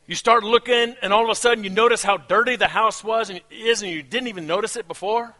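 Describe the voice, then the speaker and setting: A man with a non-native English accent preaching a sermon as a pastor, animated, laughing at his own asides. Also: high voice, fast talker.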